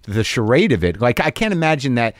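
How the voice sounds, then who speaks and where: A man hosting a casual interview, thoughtful and halting, restarting his sentences as he works through an idea. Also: mid-range voice, sing-song, no echo, studio quality. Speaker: podcast host.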